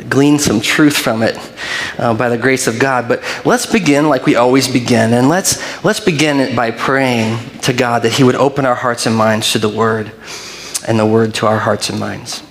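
A middle-aged man preaching in a church, his voice carrying through a hall with long reverb. He tells stories in an animated way, laughs often, and then settles into prayer. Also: mid-range voice. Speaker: pastor. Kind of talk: sermon. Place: church sanctuary.

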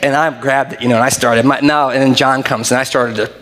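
A middle-aged pastor delivers a sermon in a church sanctuary, his voice carrying through a hall with long reverb. He speaks quickly in a mid-range voice, telling stories animatedly and laughing often before settling into prayer.

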